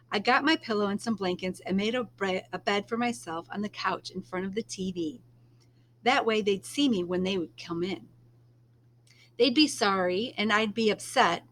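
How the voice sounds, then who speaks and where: Woman reading a chapter book aloud, gentle and calm, middle pitch, slight hum behind. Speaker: reader.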